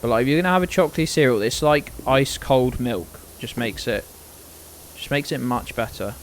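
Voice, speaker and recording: A British man streaming a game, rambling casually and cursing now and then, often trailing off into quiet mumbles. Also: medium pitch, moderate pace, a little hiss or hum. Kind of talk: casual gaming chat.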